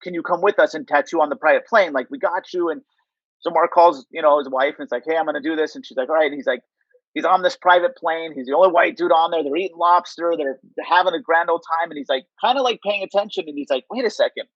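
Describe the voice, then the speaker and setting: This male interview guest speaks at a fairly high pitch and a quick pace, rambling through casual stories stuffed with "like" and "you know." There's no echo, but the recording sounds muffled.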